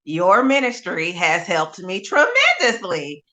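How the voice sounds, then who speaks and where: A woman gospel singer, a guest in an interview, talking in a relaxed, chill way. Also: lowish voice, slow. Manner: relaxed and chill, laughs easily. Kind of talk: casual interview chat.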